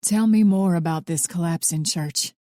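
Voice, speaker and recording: A woman's voice: fairly low pitch, normal speed, warm tone, dry recording, studio quality, natural voice. A woman voicing a protective male FBI agent. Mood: teasing.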